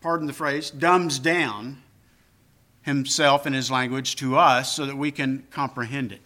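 Slow-speaking older male preacher. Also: medium pitch, steady tone, sharp tone. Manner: earnest, slow, emphatic preaching with personal asides. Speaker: pastor. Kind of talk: sermon.

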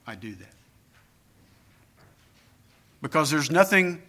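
A man delivering a sermon at an unhurried pace, his voice pitched high. He drifts into casual, self-deprecating asides, then builds emphasis through repetition. The tone stays bright and forward throughout. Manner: emphatic repetition, rising on key phrases. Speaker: pastor.

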